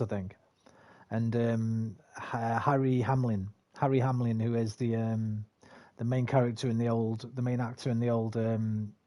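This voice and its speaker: An English gaming streamer in his forties rambles and swears while chatting over a game, offering casual gameplay commentary. His voice is medium-pitched and warm.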